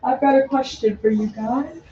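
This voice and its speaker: A woman's voice: high-pitched, normal speed, warm tone. A young woman chatting casually with viewers and scolding a dog at home. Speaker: co-host of a dog channel. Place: home room. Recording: echoey dull room sound.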